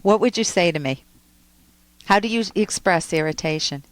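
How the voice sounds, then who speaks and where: A woman hosts a psychology advice show on the radio. She coaches the caller with emphasis and acts out sample lines for him. Her voice sits fairly low, and the studio sound is dry. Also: animated, moderate pace, dry recording. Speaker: radio call-in host, psychologist.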